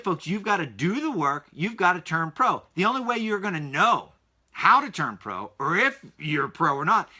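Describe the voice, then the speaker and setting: Energetic, bright-voiced male podcast host. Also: fairly high pitch. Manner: energetic, emphatic, repeats key phrases. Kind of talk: solo podcast recap.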